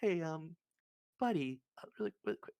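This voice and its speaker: A man's voice: on the high side, expressive, mellow, clean tone, voice pushed up, natural voice. A man doing a hesitant, awkward adventurer. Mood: nervous. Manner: halting, full of ums.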